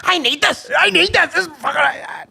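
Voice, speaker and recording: A man voicing a rowdy drunk man in a dog gimp suit, shouting and laughing as he rants. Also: very high voice, fairly quick, vocal fry, voice pushed up, exaggerated voice. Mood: whiny, ranting.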